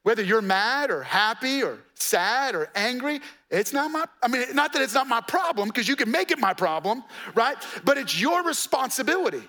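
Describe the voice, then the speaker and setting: High, bright-voiced preacher man. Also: animated, normal speed. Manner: conversational, coaching, with playful asides and rhetorical questions. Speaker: pastor. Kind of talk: sermon.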